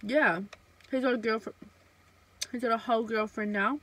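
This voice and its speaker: A woman's voice: fairly high pitch, steady tone, normal speed, fairly bright tone, low-quality recording. Chatty, foul-mouthed young woman vlogger. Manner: chatty and blunt, swears freely, many fillers. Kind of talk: casual storytime.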